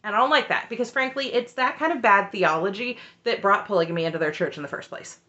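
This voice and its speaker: A woman with a bright, clear voice talks through a reality show episode in a casual, opinionated recap. She is candid and animated and often stops for asides. Her pitch sits in the middle of the usual range. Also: fast talker, dull audio.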